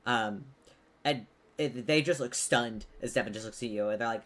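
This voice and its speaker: A game master narrating a tabletop game in a loose, chatty way, leaning on fillers as the scene unfolds. The voice sits at a middling pitch, with soft music playing faintly behind it. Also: moderate pace. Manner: loose and casual, heavy on filler words.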